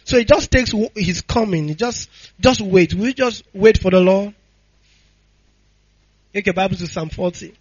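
A man's voice: high-pitched, normal speed, pauses often, darkish tone, breathy edge, dry recording, highs cut off. A man, preaching a sermon with impassioned call-and-response to the congregation. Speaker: pastor.

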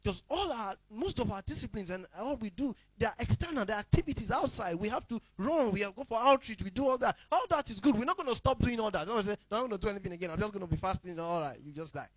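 A male pastor with a high voice delivers a sermon, hammering points through repetition. He swings between loud declarations and quiet, hushed asides. The sound is close and dry, with no room echo. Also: animated, fast talker, few pauses.

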